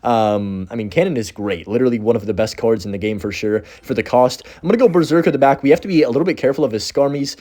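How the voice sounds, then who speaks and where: A young man giving live gameplay commentary for his video channel, excitable and reacting loudly to each play. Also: mid-range voice, fast, hardly any pauses. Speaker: gaming video creator.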